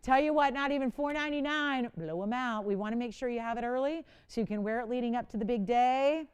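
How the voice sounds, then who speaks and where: A woman's voice: a little high, fast, clean tone. A woman in her forties hosting a live home-shopping show, chatty and bubbly, often laughing as she presents. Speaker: shopping channel host. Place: television studio.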